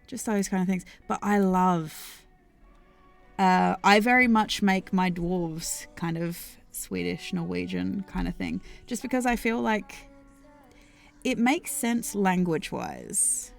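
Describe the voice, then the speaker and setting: Slow, low-voiced Australian woman. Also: vocal fry. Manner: rambling and thoughtful, answers chat, many ums and restarts. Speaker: streamer and worldbuilder. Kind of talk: casual live-stream chat. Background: faint background music.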